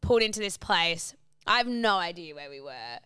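Woman co-host, bright crisp voice, dry mic, rambling chatty storyteller. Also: on the low side, sing-song, normal speed, no echo. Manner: rambling storyteller, lots of fillers. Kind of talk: casual chat.

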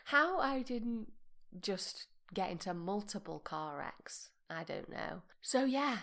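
Brief: young woman, podcast host, playful chat, mid-pitched voice, soft meditative asides. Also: expressive, slow, gravelly. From Britain. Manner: chatty, playful, slips into soft mock-meditation voice. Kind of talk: casual chat.

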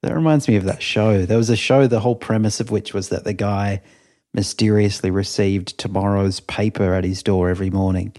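A man's voice: on the low side, fairly even intonation, a little fast, dark tone. A man co-hosting a podcast, telling rambling stories in casual chat and laughing often. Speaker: podcast co-host.

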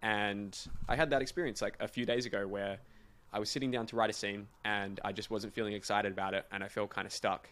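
A man hosts a casual writing podcast and talks things through in a reflective, friendly way. His voice sits a little low. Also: fairly even intonation, quick pace, a bit bright. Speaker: podcast host.

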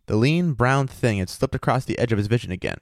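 A man reads a story aloud, steady and even. His voice sits in a middle pitch. The sound is dry and close. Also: fast, dry recording. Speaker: story reader and host. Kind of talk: reading a story aloud, then casual chat.

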